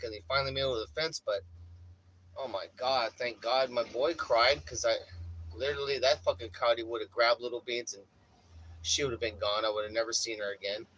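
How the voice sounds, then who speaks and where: A young man tells a story in a loose, rambling way, swearing constantly and tossing in bro. His voice sits at a middle pitch. Faint noise hums behind him. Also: fairly even intonation, brisk, a bit bright, lo-fi sound. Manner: profane, rambling, says bro a lot. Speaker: vlogger. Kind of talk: casual storytelling.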